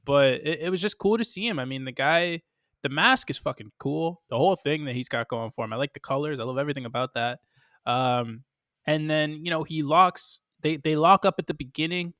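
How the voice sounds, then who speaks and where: Bright-voiced joking man, podcast co-host. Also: fairly high pitch, no echo, studio quality. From Boston area. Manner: joking, swearing, quick riffs. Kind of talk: casual chat.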